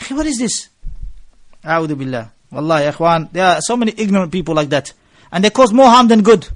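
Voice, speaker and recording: A man's voice: sits high, a little fast, no echo, clean studio sound. A male preacher, lecturing a gathering and telling stories, with phrases mixed into his English. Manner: mixes Arabic phrases into English, animated storytelling. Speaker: Islamic preacher.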